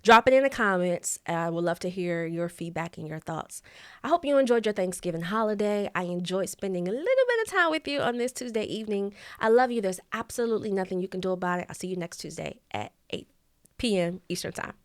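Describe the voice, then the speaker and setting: A woman teaching a vocal coaching lesson, speaking deliberately, stressing key words and pausing between them. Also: medium pitch, lively intonation, smooth, dry recording.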